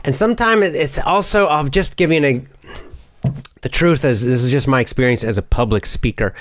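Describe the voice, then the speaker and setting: Middle-aged man, teacher and public speaker, animated, chatty, plenty of fillers, dry close-up sound. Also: mid-range voice, moderate pace, no echo. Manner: animated, with many fillers and restarts. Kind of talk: casual spoken monologue.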